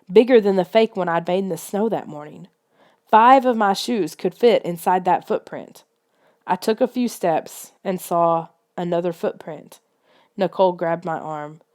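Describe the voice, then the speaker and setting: A woman's voice: lowish voice, warm tone. Woman reading a suspenseful children's story. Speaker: audiobook reader. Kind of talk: scripted storybook narration.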